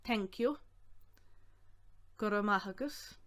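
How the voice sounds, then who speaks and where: An Irish-accented woman teaching a lesson. She speaks at a middling pitch and says each phrase slowly, then breaks it into single words and explains it plainly. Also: fairly bright tone. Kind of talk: slow, clear language lesson.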